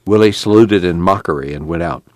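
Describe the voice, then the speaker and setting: A man reading a novel aloud as narrator, with calm, even storytelling. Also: deep voice, brisk, no room sound, studio quality. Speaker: audiobook narrator. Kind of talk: scripted narration.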